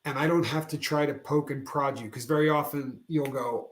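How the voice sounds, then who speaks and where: A man co-hosting a podcast, telling animated stories in casual chat and laughing often. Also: mid-range voice, fairly quick. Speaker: podcast co-host. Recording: roomy echo.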